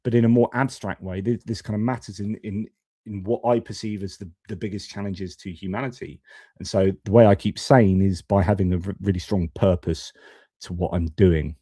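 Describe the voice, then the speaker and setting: Man, forties, live-stream commentator, deep mellow voice, plain-spoken and casual, dry sound. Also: fairly even intonation, a little fast, breathy edge, no room sound. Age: 40s. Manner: blunt, conversational, casual swearing, many restarts and fillers. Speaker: host of a geopolitics live stream.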